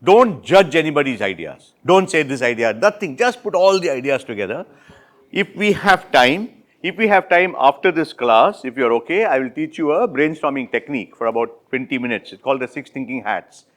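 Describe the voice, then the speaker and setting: A man with an Indian English accent running an interactive classroom workshop, repeating and rephrasing students' answers with brisk praise. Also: mid-range voice, lively intonation, a bit bright. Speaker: workshop instructor.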